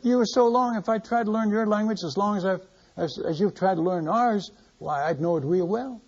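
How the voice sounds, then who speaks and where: A blunt elderly tribal chief, put on by an older man telling a story, speaks frankly and teases. The voice sits slightly high and a touch husky. It comes through a dull, lo-fi recording. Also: a little fast. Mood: teasing. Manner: frank, teasing.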